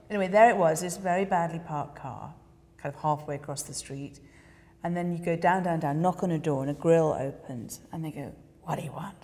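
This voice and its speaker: An English woman, a documentary filmmaker, telling an animated anecdote in a casual interview and acting out quoted voices. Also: low-pitched, moderate pace, in a large hall. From England. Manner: animated storyteller, acts out quoted voices, laughs often.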